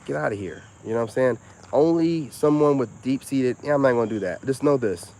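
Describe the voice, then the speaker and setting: A man's voice: mid-range voice, fairly quick, a little mellow. A man in his forties, a live-stream host talking straight to his viewers in a casual monologue, self-assured and preachy. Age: 40s.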